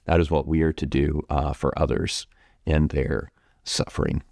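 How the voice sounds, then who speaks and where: A man, a pastor with an American accent, answering questions from his congregation in a gentle, reflective way with frequent ums and restarts. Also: rumbling low, flat delivery, moderate pace, creaky, dry recording, studio quality. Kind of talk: pastoral Q&A talk.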